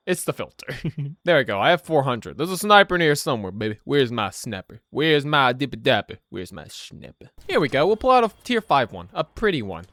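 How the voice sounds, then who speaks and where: A man's voice: mid-range voice, fairly bright tone, dry recording, clean studio sound. A young man rambling through casual gameplay commentary, laughing often and tossing in slang and "right?" as he talks. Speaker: gaming YouTuber.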